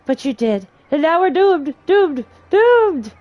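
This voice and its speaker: A woman voicing a grieving, hysterical old woman as she reads game dialogue aloud, with shrill, wailing, cackling speech. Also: lively intonation, moderate pace, lo-fi sound.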